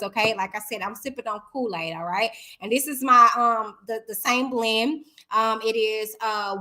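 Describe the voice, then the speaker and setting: A woman in her thirties hosting a live-stream chat show, talking in a lively, chatty way with many fillers and tag questions. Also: high voice. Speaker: talk show host.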